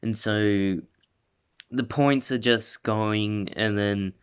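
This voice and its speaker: A man's voice: on the low side, steady tone, very slow, smooth. A young man casually retelling a fan story, rambling with lots of "like" and self-corrections. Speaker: video creator.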